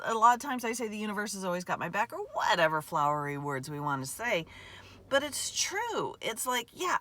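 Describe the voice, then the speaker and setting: A woman speaks in a reflective spiritual monologue, her voice rising and falling in wide, animated swings. She meanders, restarts her sentences and breaks into little laughs as she talks outdoors in a remote spot. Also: fairly high pitch. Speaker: podcast host.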